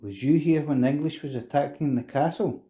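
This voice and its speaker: Calm man coaxing a ghost. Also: on the high side, dull audio. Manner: slow, coaxing questions to an unseen presence. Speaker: paranormal investigator. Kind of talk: ghost-hunt questioning. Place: indoors in an old castle.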